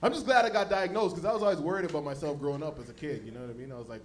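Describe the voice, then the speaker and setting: A man from the Toronto area doing a stand-up comedy set on a club stage, telling stories loudly and jumping into high-pitched voices for other characters. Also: rapid-fire. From Toronto area, Canada. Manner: loud, animated storytelling, jumps into high-pitched voices for characters.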